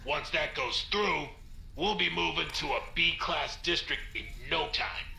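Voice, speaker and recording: A man's voice: a little high, a little slow, creaky, sharp tone, roomy sound, full character voice. A man voicing a rude, boastful tenant in a rundown building in a video game, talking in a dismissive, crude way.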